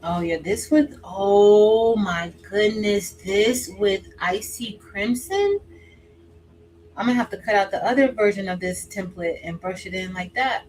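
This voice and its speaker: Woman chatting thru a craft stream, talks to chat by name, says y'all a lot, gets loud and excited then goes soft. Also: medium pitch, normal speed, slightly rough, low-quality recording. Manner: drifts between excited exclaiming and soft asides. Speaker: craft livestream host. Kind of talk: casual chat while crafting.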